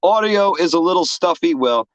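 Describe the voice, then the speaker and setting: A New York man congested with a stuffy cold casually co-hosts a livestream, greeting the chat with loose profanity. His fairly high, expressive voice comes at normal speed as a remote feed from a separate room, with no echo.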